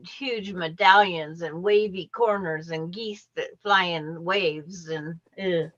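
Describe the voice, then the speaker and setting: A woman's voice: lowish voice, slow, hardly any pauses, a bit bright. A woman co-hosting a casual quilting chat over a video call, talking in loose, trailing phrases with frequent restarts. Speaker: co-host moderating a quilting livestream chat. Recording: dull, muffled video-call audio.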